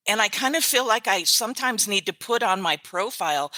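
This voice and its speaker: A woman's voice: mid-range voice, big pitch swings, pushed and bright, no echo. An older woman, a grandmother, chatting as an interview guest and telling stories with a ready laugh. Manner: chatty storyteller, quick to laugh. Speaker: author's virtual assistant, guest. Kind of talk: casual interview chat.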